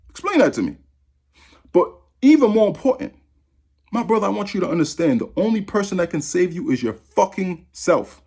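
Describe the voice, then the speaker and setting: A man's voice: sits high, a little mellow, breathy edge. A man in his thirties from Massachusetts, ranting angrily to camera, profane and repetitive. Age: 30s. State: angry. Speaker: vlogger. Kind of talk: angry rant to camera.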